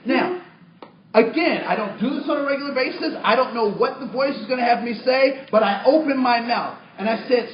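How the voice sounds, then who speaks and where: A man giving a storytelling talk to a workshop audience as trainer, animated, acting out his own lines with many restarts. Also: extremely high pitch, a little fast, slight background noise. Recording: distant roomy muffled room recording.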